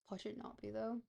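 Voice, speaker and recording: A woman with a slightly high voice talks through a game in a relaxed, unhurried way. Her commentary is casual and playful. She thinks out loud as she plays. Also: gravelly, highs cut off. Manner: playful, thinks aloud, chatty. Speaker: streamer.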